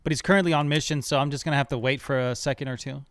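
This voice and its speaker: A young man streaming a game, chatting casually, excitable and swearing a lot as he rambles. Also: medium pitch, racing. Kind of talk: casual gaming stream chat.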